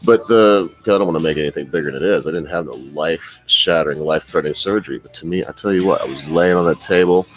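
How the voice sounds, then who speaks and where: A man's voice: deep voice, fast talker, few pauses, soft background music, low-quality recording. A middle-aged man casually telling his viewers a rambling, self-deprecating story, laughing often. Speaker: vlogger.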